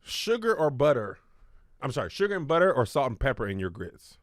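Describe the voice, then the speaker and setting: A man hosting a casual interview, relaxed and asking questions with easy laughs. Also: mid-range voice, brisk, no echo, studio quality. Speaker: interview host.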